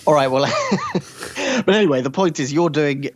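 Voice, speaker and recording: A man's voice: fairly high pitch, animated, normal speed, soft background music. A man talking as a podcast guest in casual chat, wry and opinionated, explaining his views at length. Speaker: guest commentator.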